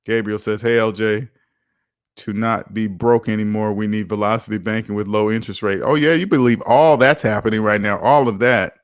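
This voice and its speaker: A man's voice: on the low side, moderate pace, clear, resonant tone, dry recording, clean studio sound. A man hosting a casual finance livestream, reading viewer comments aloud and teasing them with a joking manner.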